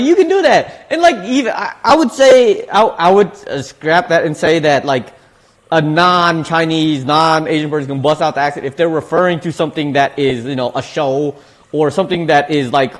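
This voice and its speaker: Guy streaming while he cooks, bouncy voice that jumps all over, laughs a lot. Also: fairly high pitch. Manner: loose, animated, laughs often, restarts words. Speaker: streamer reading chat. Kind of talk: casual cooking livestream chat.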